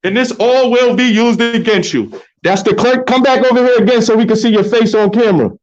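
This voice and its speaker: A man's voice: very high voice, brisk, dry recording, highs cut off. A man filming on his phone and arguing insistently with court staff, repeating his points. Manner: insistent, argumentative, repeats himself. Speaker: vlogger confronting court staff. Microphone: phone held by the speaker.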